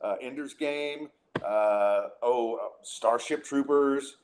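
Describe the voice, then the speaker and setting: A middle-aged man hosts a podcast in a loose, conversational rant. He sounds exasperated and sarcastic, tripping over restarts as he talks. His pitch sits in the middle range for a man. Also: slow pace, a little hiss or hum. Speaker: podcast host. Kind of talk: casual ranting chat.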